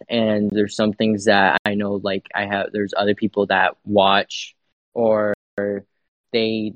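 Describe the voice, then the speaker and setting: A man sharing reflectively in a bible study, halting and searching for words. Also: on the low side, no echo, low-quality recording.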